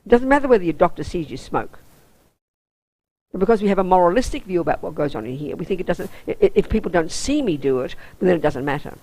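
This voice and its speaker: A woman's voice: lowish voice, lively intonation, quick pace, mellow, no room sound, rough recording. Intense Australian woman teaching. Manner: intense, emphatic, down-to-earth. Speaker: Buddhist nun teacher. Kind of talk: teaching a weekend course.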